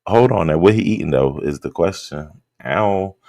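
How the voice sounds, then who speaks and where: A man hosting a casual late-night livestream, greeting his chat by name in a relaxed, just-woke-up drawl. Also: low-pitched, moderate pace, creaky, no echo, studio quality. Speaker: livestream host.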